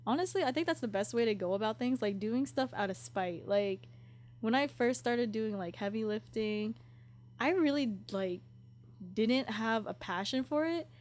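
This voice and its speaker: A woman's voice: on the high side, normal speed, darkish tone. Candid, laughing young woman host. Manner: candid, swears freely, laughs often. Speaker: podcast host. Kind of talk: casual podcast chat.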